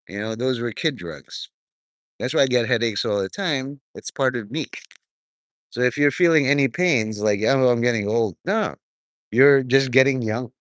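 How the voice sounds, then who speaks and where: Man, mid-pitched, drifting and profane, a dry close recording. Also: a bit bright, dry recording. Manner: profane, stream-of-consciousness, drifting between topics. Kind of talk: rambling monologue to viewers.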